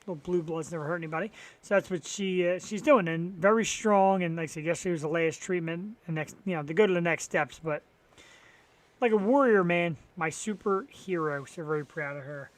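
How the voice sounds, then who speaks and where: A man with a notably high speaking voice hosts a live talk stream alone, chatting loosely to fill the time. He drifts between topics with dry sarcasm and casual swearing. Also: a little fast. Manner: rambling, profane and wry, sarcastic about sports. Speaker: talk show host. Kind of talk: solo live-stream chat filling time.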